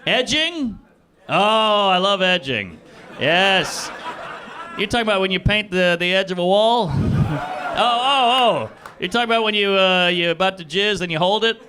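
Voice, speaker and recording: A man's voice: high voice, expressive, normal speed, bright, forceful tone, a little hiss or hum. A man doing improvised stand-up comedy in a club, riffing crudely at speed and chuckling at his own jokes. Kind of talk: improvised stand-up off audience suggestions. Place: comedy club stage before a live audience.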